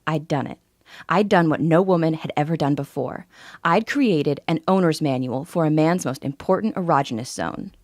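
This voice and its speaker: A woman's voice: low-pitched, normal speed, a little mellow, no echo, studio quality. A woman in her forties narrating a scripted first-person sales story in an intimate, confiding way. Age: 40s.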